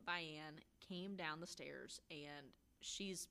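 A woman with a slightly low voice talks through a true-crime case in a loose, chatty way. She swears freely and slips into quick acted-out bits of dialogue as she goes. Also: a bit bright. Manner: profane, storytelling with acted-out quotes. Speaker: podcast co-host. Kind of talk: casual true-crime chat.

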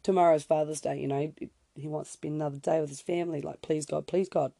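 A young woman spinning a story in a loose, chatty way, full of fillers and little asides that pull her off track. Her voice has a gravelly fry and a mellow, warm color. It is recorded close and dry, with no room around it. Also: low-pitched, little pitch movement, fast talker, dry recording. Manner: chatty, lots of fillers, self-interrupting asides. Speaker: podcast host. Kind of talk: casual storytelling.

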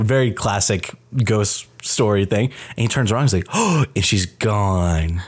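Animated, swearing podcast host. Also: male voice, on the low side, a little slow, slightly rough. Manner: animated, profane storytelling with many fillers. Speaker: podcast host reviewing a film. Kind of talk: casual chat.

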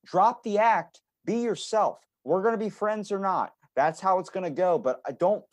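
A man's voice: high voice, normal speed, dry recording. A man hosting a podcast who talks bluntly, gives strong opinions and swears freely. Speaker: podcast host. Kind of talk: casual conversation.

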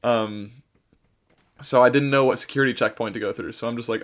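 A man's voice: medium pitch, fairly even intonation, a little fast. A man on a podcast telling a long travel story in casual chat, rambling with many fillers and restarts, sounding tired. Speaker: podcast co-host.

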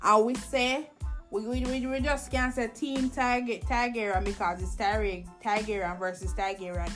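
A woman's voice: a little high, fairly even intonation, moderate pace, a bit bright, soft background music. A woman hosting a show. She chats casually with strong opinions and often restarts her sentences. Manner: chatty and opinionated, frequent restarts. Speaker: podcast host reviewing shows. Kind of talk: casual chat.

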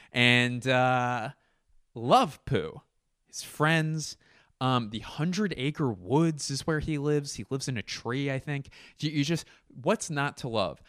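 A man's voice: medium pitch, fairly bright tone, no echo, studio quality. A young man hosting a podcast, rambling through a comedic monologue, swearing and mocking himself, sounding tired. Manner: swearing, self-mocking, trails off into mumbles. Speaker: podcast host. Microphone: computer mic.

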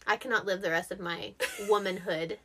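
Her voice is mid-range and a little fast. A young woman co-hosting a podcast, she chats casually and spins stories with frequent laughter and acted-out quotes, animated throughout.

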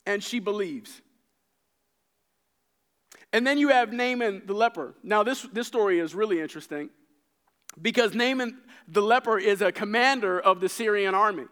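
A man preaching a sermon, retelling scripture stories with lively acted-out dialogue and frequent repeated words. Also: high voice, normal speed, pauses often, clean tone. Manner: animated storytelling, acting out characters' lines.

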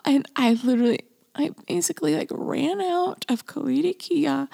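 A woman hosting a casual solo podcast, rambling and confessional with lots of "like", often sinking to a breathy near-whisper. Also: sits high, moderate pace, dark tone, no room sound. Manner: rambling and confessional, heavy use of "like". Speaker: podcast host.

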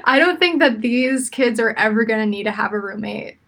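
A woman's voice: on the high side, expressive, brisk, creaky, fairly bright tone. A young woman in casual chat, chatty and opinionated, laughing often as she talks.

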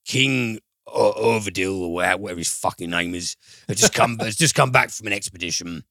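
A man's voice: lowish voice, fairly quick, bright, forceful tone, no echo, studio quality. A man hosting a film podcast, reviewing films in a loose, rambling way, swearing casually and using lots of fillers.

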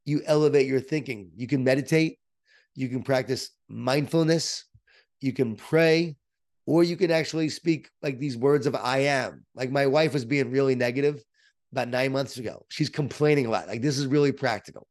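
Middle-aged male guest, upbeat motivational speaker energy, punchy emphatic delivery, mid pitch. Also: a little mellow. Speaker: author and guest. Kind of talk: interview, storytelling.

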